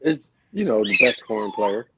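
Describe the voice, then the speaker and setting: A man's voice: lowish voice, very animated, normal speed, bright, forceful tone, lo-fi sound, a little hiss or hum. A man, a former basketball player, telling stories as a podcast guest and laughing often as he talks. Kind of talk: casual storytelling.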